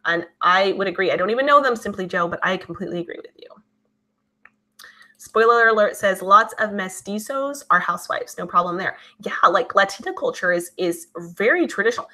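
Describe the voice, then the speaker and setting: A woman hosting her channel, chatting casually and reading out viewer comments in a lively, talkative way. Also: mid-range voice, fairly quick. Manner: chatty, animated, many fillers. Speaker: channel host.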